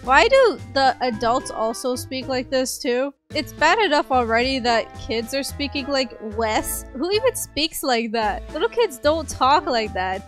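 A young woman giving playful gameplay commentary as a gaming YouTuber, chatty and quick, giggling often between lines. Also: sits high, fairly bright tone. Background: faint background music.

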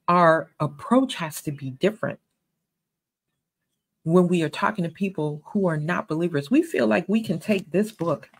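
Husky, earnest woman teaching the Bible. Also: lowish voice, rough recording. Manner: earnest, conversational, emphatic. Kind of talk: sermon-style Bible teaching.

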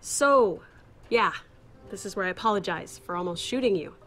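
A woman's voice: medium pitch, lively intonation, moderate pace, a bit bright, soft background music, natural voice. An actress voicing a wary woman survivor in a video game, blunt and dry. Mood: guarded. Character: wary young woman survivor guarding a stranger.

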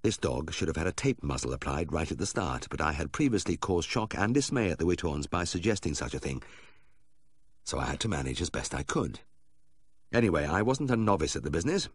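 A man's voice: very deep voice, sing-song, brisk, breathy edge, no echo. A man narrating an audiobook in a dry, wry storytelling manner. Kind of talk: scripted narration.

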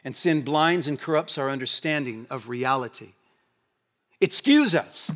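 A male pastor preaching a sermon, building through emphatic repeated rhetorical questions and dropping into low, quiet stretches to make his points. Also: measured pace. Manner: shifts between loud proclaiming and low quiet stretches.

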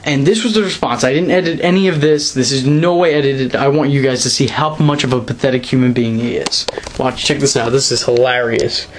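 A young man ranting straight into his camera, scornful and mocking, his pitch jumping up to stress a point. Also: fairly quick, a little hiss or hum. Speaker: wrestling vlogger. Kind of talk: direct-to-camera rant. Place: quiet room at night. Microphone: camera mic.

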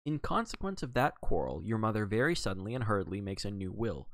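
A man voicing a dry, measured old lawyer. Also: lowish voice, sing-song, no room sound. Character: dry, measured older male family lawyer. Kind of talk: audiobook character reading.

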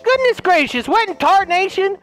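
A man's voice: very high-pitched, animated, normal speed, fairly bright tone. A cranky old backwoods man, full of old-timey exclamations, voiced by a synthetic man's voice in a video game. He talks in a folksy, cantankerous way.

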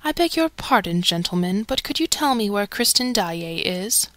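A woman's voice: medium pitch, big pitch swings, normal speed, a bit bright, no echo. A woman voicing a sorrow-stricken young nobleman. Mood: sorrowful. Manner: pleading, sorrowful.

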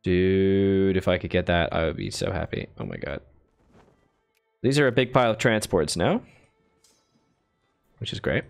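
A man's voice: deep voice, normal speed, gravelly, long pauses, faint music behind. Chatty man streaming a strategy game. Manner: chatty, thinks aloud, thanks viewers with bursts of enthusiasm. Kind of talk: casual live-stream commentary.

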